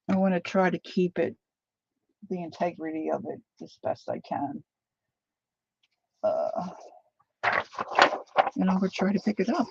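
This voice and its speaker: Gravelly woman chatting while crafting. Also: on the low side, darkish tone, dull audio, slight background noise. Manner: chatty, thinks aloud while working. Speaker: craft vlogger. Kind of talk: casual demo chat while crafting.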